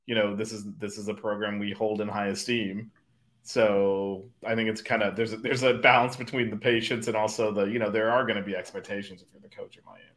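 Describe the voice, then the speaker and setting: A man's voice: on the low side, level tone, a little fast, a bit bright. A man co-hosting a sports podcast, easygoing and laughing between points in casual chat. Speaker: podcast co-host.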